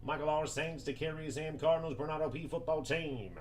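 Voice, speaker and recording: A man with a slightly high voice runs a live card break, rattling off names and teams in fast bursts. He jokes and hypes between pulls. A faint hum of room ambience sits behind him. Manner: rapid-fire listing of names and teams, hyped and joking.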